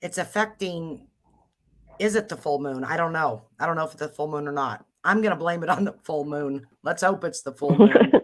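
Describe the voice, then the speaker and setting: A woman's voice: low-pitched, moderate pace. A woman hosting a casual livestream chat, exclaiming and trailing off. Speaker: livestream host.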